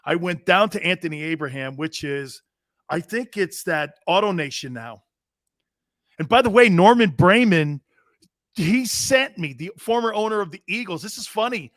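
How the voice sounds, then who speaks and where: A man in his fifties hosts a sports talk show and tells a rowdy story in a brash, swearing, animated way. His voice sits a bit high for a man. The sound is close and dry, with no room echo. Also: moderate pace. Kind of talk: casual storytelling.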